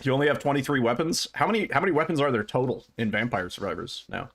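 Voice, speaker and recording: A man, streaming from his desk at home and chatting with his viewers in a relaxed way. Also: medium pitch, quick pace. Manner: laid-back, chuckling, greets chat by name. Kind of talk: casual livestream chat with viewers.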